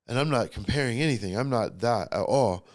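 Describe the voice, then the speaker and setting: A man's voice: medium pitch, lively intonation, a little fast. Blunt, emotional middle-aged man telling his story. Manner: blunt, profane and emotionally charged. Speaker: podcast guest. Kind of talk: personal storytelling in conversation.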